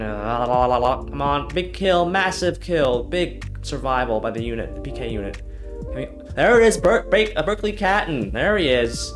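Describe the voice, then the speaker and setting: A young man commentating his own hockey video game, exasperated and swearing, swinging from loud yelling to low muttering. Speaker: gaming YouTuber.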